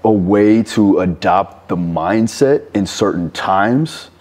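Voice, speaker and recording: A man's voice: fairly low pitch, expressive, takes it slowly, darkish tone. A man hosting a podcast, asking thoughtful questions and giving short affirmations while his guest talks. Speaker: podcast host. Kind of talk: podcast interview.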